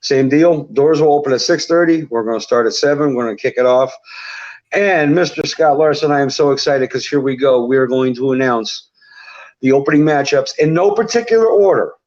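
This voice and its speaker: A man's voice: medium pitch, fairly quick, darkish tone, muffled recording. A man who is a wrestling referee, a guest in a casual interview, upbeat and announcer-like when giving event details.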